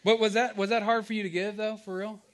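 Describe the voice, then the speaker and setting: A man's voice: sits high, level tone, fast talker. Joking, conversational preacher man. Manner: joking with the audience, asking questions. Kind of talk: casual sermon.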